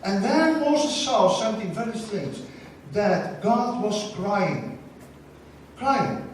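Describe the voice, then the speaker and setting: An older man giving an academic lecture in a large hall, telling a story haltingly, restarting words and repeating phrases for emphasis. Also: high-pitched, very animated. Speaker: plenary lecturer. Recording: echoey hall, mic far off, faint noise.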